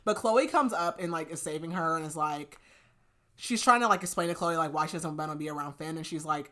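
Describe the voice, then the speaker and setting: Podcast host, woman, lower voice, rambling casual book recap peppered with "like". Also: a little fast, sharp tone. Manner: chatty plot recap full of "like", laughing often. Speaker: podcast host reviewing books. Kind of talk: casual chat.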